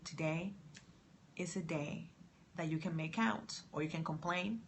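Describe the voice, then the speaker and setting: A woman talking to camera in a faith-based pep talk. She moves between hushed, soft lines and loud, excited encouragement. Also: deep voice, measured pace, a little hiss or hum. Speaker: motivational vlogger.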